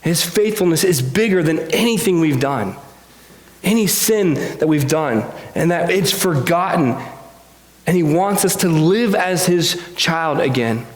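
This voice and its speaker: A man's voice: on the high side, animated, unhurried. A man preaching a sermon in a church, earnest and confessional, often stumbling over repeated words. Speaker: pastor. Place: church sanctuary. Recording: echoey hall.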